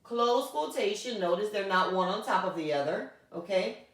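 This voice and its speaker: A woman teacher explains a grammar lesson in a patient voice and often stops to check that her students follow. Her voice comes from some distance away in a strongly echoing room, and she slows right down to dictate words one by one. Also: mid-range voice, animated. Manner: patient, checks in with frequent "okay?". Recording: echoey room, voice from off mic.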